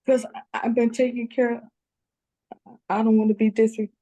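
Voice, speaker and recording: Over a phone video call in a custody hearing, an older grandmother gives a pleading closing statement, crying, rambling and repeating herself. Her voice is a little high and mellow, with a level tone and a moderate pace.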